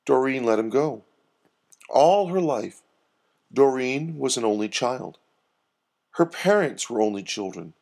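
A man narrating a scripted story in a measured, expressive reading. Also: medium pitch, gravelly.

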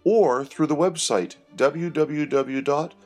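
A man narrating a scripted story in a measured, expressive reading. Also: fairly high pitch, faint music behind.

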